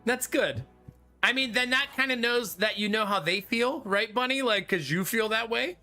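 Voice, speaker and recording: A man in his thirties chats with his stream audience while playing a card game, laughing a lot. His very high voice sounds pushed and bright and runs a little slow, with faint game music in the background.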